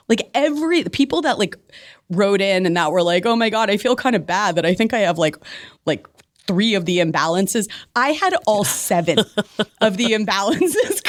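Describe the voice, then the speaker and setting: A woman guest telling an animated personal story in a conversation, laughing often and filling her speech with "like.". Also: fairly high pitch. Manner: expressive, laughs often, many "like" fillers. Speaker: podcast guest, spiritual medium.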